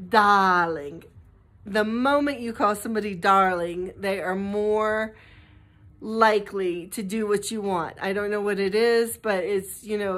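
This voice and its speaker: An American woman in middle age talks casually into the camera for a vlog. She rambles and restarts, breaks off to coo at her dog, and then comes back to her list. Her voice sits at an ordinary, medium pitch. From United States. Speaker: vlogger.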